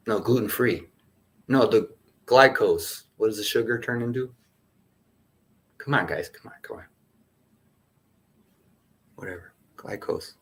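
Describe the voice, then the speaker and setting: A man's voice: on the low side, fairly bright tone. A man hosting a casual spiritual session, talking in a playful, rambling way and laughing often as he jumps between topics.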